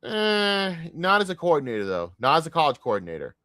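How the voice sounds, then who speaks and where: A man's voice: a little high, wildly swooping pitch, fairly quick, pushed and bright, no room sound, clean studio sound. Profane, heated young man ranting about football. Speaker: streamer. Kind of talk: casual sports rant.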